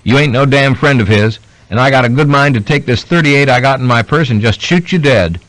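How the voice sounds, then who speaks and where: A man's voice: mid-range voice, a little fast, fairly bright tone, no room sound, close to an everyday voice, poor audio. A man voicing a drunk, abusive older woman who curses spitefully. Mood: drunken scorn. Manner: spiteful, cursing.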